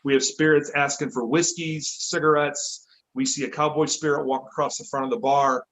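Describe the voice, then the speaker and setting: A man from Michigan, a podcast guest, telling a story in a casual, lively way, correcting himself as he goes. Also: fairly high pitch, low-quality recording. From Michigan, USA. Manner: lively, self-correcting, acts out quotes.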